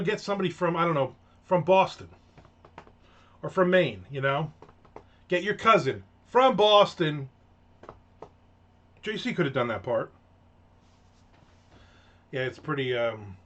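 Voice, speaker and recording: A man's voice: a little high, expressive, moderate pace, pauses often. A middle-aged man hosting his own rant segment, talking casually in a sarcastic, rambling way with many fillers and restarts. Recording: dull lo-fi sound.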